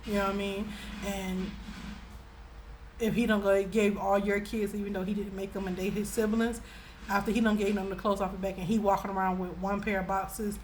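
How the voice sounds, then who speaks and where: A young adult woman vlogger telling a casual storytime in a chatty, animated way, laughing often between sentences. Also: medium pitch, brisk, slight background noise, low-quality recording.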